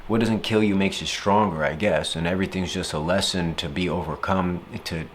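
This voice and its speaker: A young man with a fairly low voice talks loosely and playfully, acting out little scenes and voices as he goes. A faint hum of ambience sits behind him. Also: brisk. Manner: playful and animated, jumps into silly voices and acted-out quotes. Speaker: speaker reflecting on stress. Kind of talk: casual reflective monologue.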